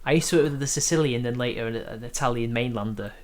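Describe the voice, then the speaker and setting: A man's voice: mid-range voice, fast talker, a crowd in the background. A man from Britain hosting a casual live stream, rambling and hesitant, laughing often between points. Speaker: stream host.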